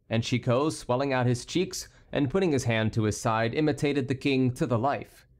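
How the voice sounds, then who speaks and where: A man narrating a historical novel as an audiobook, reading every character himself and lifting his pitch for the courtiers. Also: moderate pace, hardly any pauses. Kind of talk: scripted narration.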